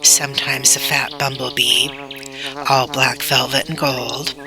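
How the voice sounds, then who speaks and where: Slow, gravelly woman reading a storybook. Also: very deep voice, flat delivery, background noise. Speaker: storybook reader. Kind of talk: reading a children's novel aloud.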